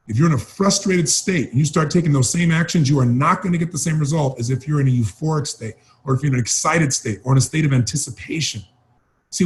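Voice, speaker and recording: A man's voice: on the high side, a little mellow. A man giving an emphatic motivational training talk, urging and repeating key phrases. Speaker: motivational speaker.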